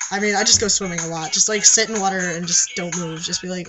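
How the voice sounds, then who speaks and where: A man's voice: sits high, fairly even intonation, fast talker, hardly any pauses, over music, poor audio. A young man, chatting casually to camera for a vlog, rambling with lots of fillers and restarts. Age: young adult. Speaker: vlogger. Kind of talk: casual confessional vlog chat.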